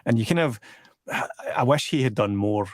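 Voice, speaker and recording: A Scottish man talking at a middle pitch, loose and rambling. He keeps restarting his sentences as he chats about films. The recording is dry with no room sound. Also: animated, moderate pace, dry recording. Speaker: podcast host. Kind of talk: casual film chat.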